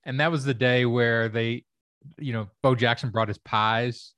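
Man from Kentucky, middle-aged, comic guest, relaxed rambling storyteller, dry sound. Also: medium pitch, unhurried, no echo. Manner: rambling, relaxed, many fillers. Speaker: comedy writer and stand-up comic, guest. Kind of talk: casual storytelling chat.

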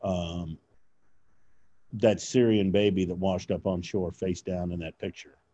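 A man from Kentucky chatting casually, a loud and animated storyteller who acts out voices in his anecdotes. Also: low-pitched, a little slow, dull audio. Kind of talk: casual chat. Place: lives in California.

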